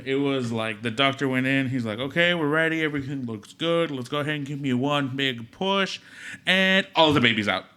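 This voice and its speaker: A man's voice: moderate pace, clean tone. A young man co-hosting a podcast, telling a birth story in casual chat and acting out the quotes with big jumps in his voice. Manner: animated retelling, acts out quotes with big pitch jumps. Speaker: podcast co-host, new father. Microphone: podcast microphone.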